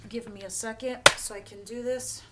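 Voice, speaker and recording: A woman's voice: fairly high pitch, steady tone, moderate pace, very noisy. A woman giving a casual tarot reading, talking bluntly and straight to the viewer and swearing freely. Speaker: tarot reader.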